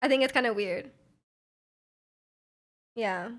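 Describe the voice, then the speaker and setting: A young woman chatting casually on a live stream, her voice sitting a little high. She rambles loosely, fills her talk with "like" and giggles between thoughts. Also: slow pace. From Vancouver, Canada. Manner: rambling, filler-heavy with frequent "like", giggly. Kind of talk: casual chat, reading out chat.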